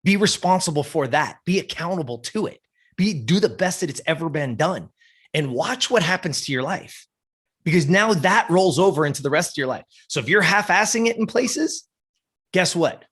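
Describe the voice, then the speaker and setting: A man's voice: fairly high pitch, animated, normal speed, a bit bright, slightly rough. A man giving a blunt, profane motivational talk as a podcast guest. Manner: blunt, intense, swears often.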